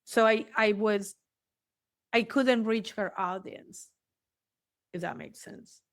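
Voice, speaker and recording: A woman therapist talking frankly in an interview, swearing freely and choosing her words deliberately. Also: mid-range voice, fairly even intonation, no room sound, clean studio sound. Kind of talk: casual interview talk.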